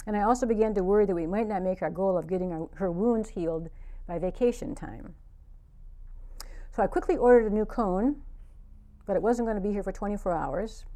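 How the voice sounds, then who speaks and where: A woman's voice: medium pitch, warm tone. A woman, a meditation teacher, giving a spiritual talk built around a personal story, earnest and reflective.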